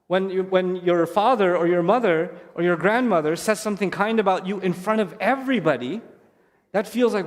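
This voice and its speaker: A middle-aged man giving an earnest talk with gentle humor to families in a large mosque hall. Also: high-pitched, fairly quick. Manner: earnest and repetitive, with warm humor. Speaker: Islamic speaker addressing families. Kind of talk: sermon-style talk to a live audience. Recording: long reverb of a mosque hall.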